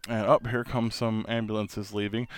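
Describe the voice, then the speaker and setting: A man's voice: lowish voice, little pitch movement, moderate pace, clear, resonant tone. A man from New York hosting a casual solo podcast, rambling and chatty and laughing often. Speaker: podcast host, father.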